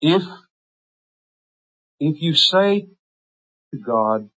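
A man preaching a sermon with impassioned intensity, swinging from fervent, rising pleas to hushed, quiet emphasis. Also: medium pitch, expressive, unhurried, breathy edge, highs cut off.

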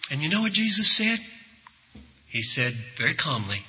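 A man's voice: fairly high pitch, huge pitch swings, moderate pace, bright, forceful tone, breathy edge. A man preaching a sermon to a church congregation, telling stories dramatically and acting out the voices in them. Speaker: pastor. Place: church service before a congregation. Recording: echoey hall, dull lo-fi sound.

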